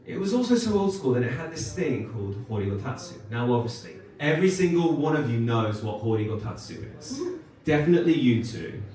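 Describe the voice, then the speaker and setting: A British man doing stand-up in a comedy club, wry and self-deprecating, his pitch bouncing lively through each line. The room is echoey and he sounds a little off the mic, with laughter rising behind him. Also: recorded from a distance. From United Kingdom. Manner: wry, self-deprecating, animated delivery with quick asides. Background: audience laughter.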